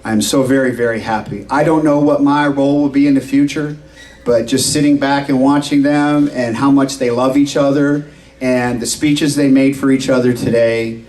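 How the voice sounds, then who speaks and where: A man's voice: mid-range voice, fairly even intonation, moderate pace, a little mellow, recorded from a distance, poor audio. A middle-aged man, father of the bride, giving a heartfelt and tearful wedding toast at a reception. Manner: tearful, heartfelt, repeating himself.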